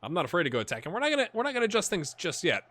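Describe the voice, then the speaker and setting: A man hosting a gaming video, chatting and reacting excitedly as he plays a football management game. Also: high voice, rapid-fire. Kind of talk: live commentary while playing a football management game.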